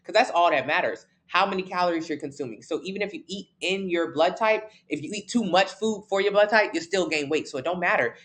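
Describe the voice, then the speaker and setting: A woman's voice: lowish voice, a little fast, hardly any pauses, fairly bright tone. A blunt woman coach talking straight to her viewers on a live stream. She leans on repetition to hammer points home, loose and slangy, close to the mic. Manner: blunt, emphatic, repeats key points; casual slang-heavy talk. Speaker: fitness coach.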